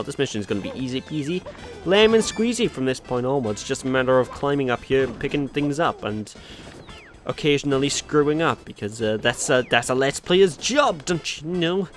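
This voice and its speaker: Chatty Welsh guy grumbling through a game. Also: mid-range voice. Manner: chatty, exasperated, mildly sweary. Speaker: let's play host. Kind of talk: casual gameplay commentary.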